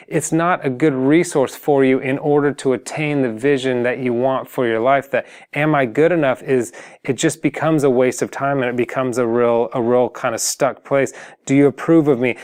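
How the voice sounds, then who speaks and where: A man's voice: mid-range voice, smooth. Earnest man coaching singers. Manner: earnest, motivational, full of fillers and restarts. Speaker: singing coach. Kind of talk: casual talk to camera.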